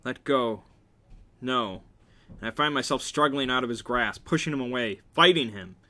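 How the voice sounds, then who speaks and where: A man reads a novel aloud with a bright, forward tone and a middling pitch. He keeps it wry and casual, dropping joking asides between passages. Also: brisk. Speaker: reader.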